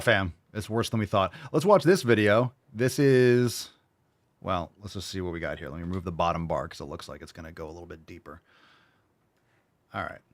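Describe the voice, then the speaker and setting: A male host tearing into clips in a blunt, profane, mocking rant. His voice sits fairly low, and the sound is close and dry with no room echo. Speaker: host reacting to videos. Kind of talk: ranting reaction commentary.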